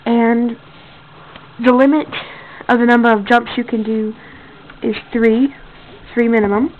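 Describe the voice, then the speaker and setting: A fairly high-voiced woman hosts a homemade contest video and rambles along, stopping to correct herself and filling gaps with ums. The sound is thin and tinny, with a faint hiss underneath. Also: level tone, unhurried. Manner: rambling, with many fillers and self-corrections. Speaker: contest host. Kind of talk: casual home video.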